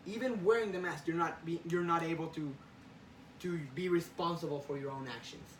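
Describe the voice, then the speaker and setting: A man's voice: fairly high pitch, a little fast, a little hiss or hum, lightly acted. A man doing a bitter grieving newspaper boss. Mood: accusing. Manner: accusing, blunt, bitter. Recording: roomy sound, far from mic.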